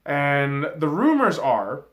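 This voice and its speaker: A young man hosts a casual sports podcast on his own. He swears freely and gets worked up, his pitch leaping high and falling low as he goes from loud outbursts to mutters. His voice sits a little higher than most men's. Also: slow. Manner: profane, excitable, loud swings in volume. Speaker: podcast host. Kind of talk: casual sports talk monologue.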